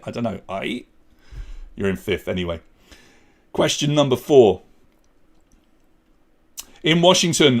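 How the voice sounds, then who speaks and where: A chatty man hosts a live online pub quiz, reading out questions and scores with easy banter. His voice sits at an ordinary middle pitch, and he cracks little jokes along the way. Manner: chatty, jokey, reads out scores. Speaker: quiz host.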